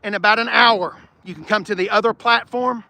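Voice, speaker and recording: A man's voice: high-pitched, fairly even intonation, brisk, creaky, pushed and bright, dry recording. A man hosting a live car-lot stream outdoors, talking bluntly and joking with viewers, with no microphone and wind hitting the mic. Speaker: car channel host. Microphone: no external mic, wind on the mic.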